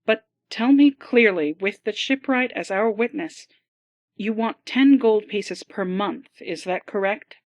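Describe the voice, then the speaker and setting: A woman voicing a polite, wary male ship captain in an audiobook, speaking softly. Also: medium pitch, unhurried, no room sound, pitched above the performer's own voice, natural voice. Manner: polite, soft-spoken.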